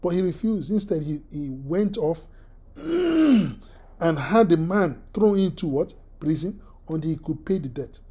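A preacher giving a sermon, halting and repeating words, often clearing the throat and putting questions to the listeners. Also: mid-range voice, very animated, warm tone.

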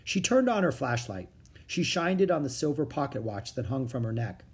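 A reader narrating a children's chapter book aloud in a calm, steady storytelling manner. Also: mid-range voice, moderate pace, breathy edge.

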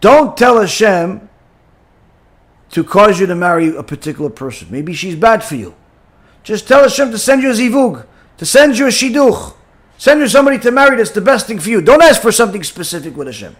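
A man's voice: high-pitched, sing-song, fairly quick. A man voicing an older sage who firmly warns and advises. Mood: admonishing. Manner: firm, admonishing. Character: stern older male sage giving advice.

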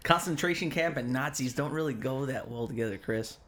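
Give me a man with an average-pitched voice throwing deadpan, sarcastic one-liners into a relaxed podcast chat. He sounds dry and joking. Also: a little fast. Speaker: podcast co-host.

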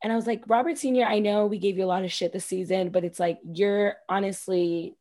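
A woman's voice: medium pitch, a little fast. A woman co-hosting a podcast, chatting casually and bluntly with lots of swearing while recapping a reality show. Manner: blunt, profane, animated retellings. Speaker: podcast co-host.

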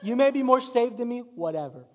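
A middle-aged male pastor preaches a sermon in a church sanctuary, his very high voice expressive, brisk and a little mellow. He mixes casual, self-deprecating stories with rising, emphatic exhortation, and the recording carries long hall reverb.

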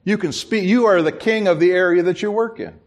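Speaking a little fast in a high-pitched voice, a middle-aged pastor preaches a storytelling sermon. He acts out the people he describes and breaks into chuckles at himself.

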